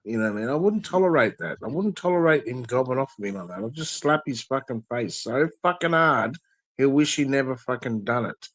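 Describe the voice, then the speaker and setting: A man's voice: mid-range voice, animated, fairly quick, a bit bright, no echo. A man, ranting angrily and profanely as a guest in a casual chat, full of threats. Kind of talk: angry rant in casual chat.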